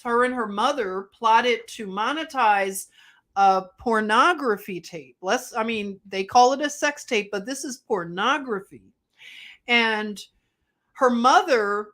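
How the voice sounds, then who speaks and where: Slow-talking woman live streamer. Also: fairly high pitch, fairly bright tone. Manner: slow, musing, with frequent restarts. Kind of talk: casual live stream commentary.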